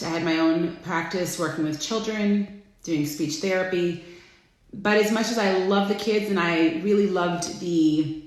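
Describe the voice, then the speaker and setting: A middle-aged woman from Florida hosts a casual live stream in a fairly low voice, chatty and friendly as she greets viewers by name with bursts of excitement. The room she's in is echoey.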